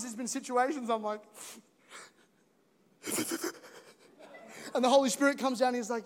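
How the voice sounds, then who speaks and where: A man preaching an animated sermon as a pastor, joking and building to loud peaks. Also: very high-pitched, a little slow, long pauses. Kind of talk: energetic sermon. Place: large church hall. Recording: long hall reverb.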